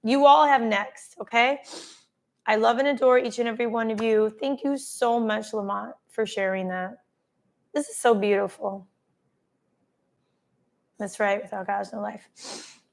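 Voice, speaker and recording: Gushing woman with a gravelly, higher voice. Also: steady tone, measured pace, pauses often. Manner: effusive, gushing, thanks viewers by name. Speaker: livestream host reading viewer comments. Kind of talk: casual live-stream chat. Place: travelling, streaming from a holiday spot.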